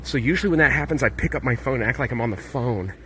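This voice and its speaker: Here the travel vlogger talks fast in a pushed, bright, medium-pitched voice. Climbing a steep road outdoors, he chats and thinks aloud while out of breath, with outdoor ambience and background noise in the clip.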